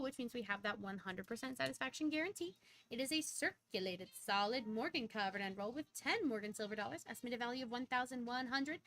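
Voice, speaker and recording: A young adult woman hosting a live-stream coin auction, rattling off lots in quick auctioneer patter with sudden bursts of excitement. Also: on the high side.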